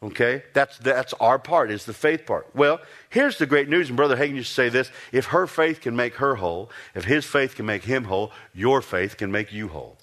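A man's voice: moderate pace, hardly any pauses. A man preaching a sermon in a conversational way, asking the listeners questions and raising his voice for emphasis. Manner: animated, rising pitch for emphasis.

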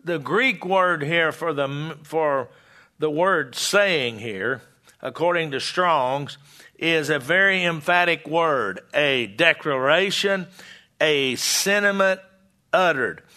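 A man teaching a Bible sermon, reading scripture aloud and explaining it, halting and restarting often. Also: a little high, bright, forceful tone. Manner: slow, halting, with many restarts and fillers. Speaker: preacher.

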